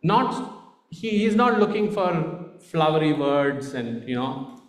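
A man's voice: on the high side, lively intonation, slow pace, echoey room. A man with an Indian accent giving a conversational sermon, often checking in with "right?". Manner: conversational, frequent "right?" tags. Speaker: preacher.

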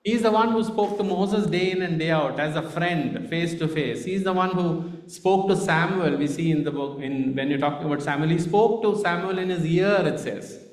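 A preacher with an Indian accent delivers a conversational sermon, frequently checking in with "right?" His voice is fairly high and reverberant, moving at normal speed with few pauses.

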